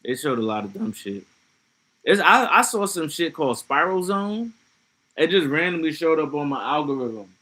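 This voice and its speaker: A man's voice: on the high side, very animated, moderate pace, pushed and bright. A man streaming live, chatting casually and reacting to chat comments in a loose, profane way with laughing asides. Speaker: livestreamer.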